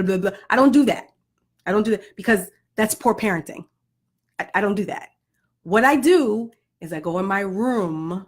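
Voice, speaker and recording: This is a middle-aged woman speaking straight to the camera for a parenting vlog. She is sassy and outspoken, and she keeps breaking off into cheeky asides. Her pitch sits in the middle range for a woman. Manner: sassy, blunt and animated, with sudden asides. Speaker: vlogger.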